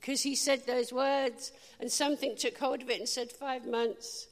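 A woman preaching a sermon, telling a personal story with lively, animated delivery and bursts of laughter. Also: high-pitched, moderate pace, in a large hall.

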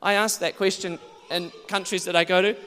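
Man, high voice, preacher, animated sermon, loud exclamations, long hall reverb. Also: brisk.

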